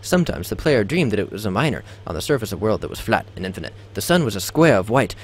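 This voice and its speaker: A man's voice: lowish voice, sing-song, fast. A young man, host of a game video, giving a theatrical reading over gameplay, stumbling and tossing in joking asides. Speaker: let's play host.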